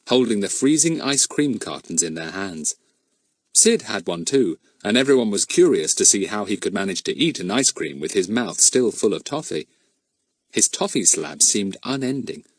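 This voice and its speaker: A man narrating a children's storybook in an expressive storytelling manner. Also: fairly low pitch, dry recording. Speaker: audiobook narrator. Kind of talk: scripted narration.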